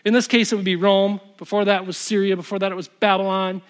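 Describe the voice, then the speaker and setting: A man with a notably high-pitched voice preaches a sermon in a relaxed, conversational way. He reads scripture aloud and breaks off into quick asides to the congregation. The delivery is interactive and direct. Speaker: pastor.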